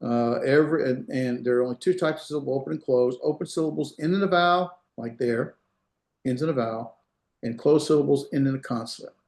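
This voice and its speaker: Male instructor at mid pitch, patient and repetitive, heard over a video call with room echo. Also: fairly quick, darkish tone. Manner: patient, explains step by step, repeats words for pronunciation. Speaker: Hebrew instructor. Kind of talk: online lecture.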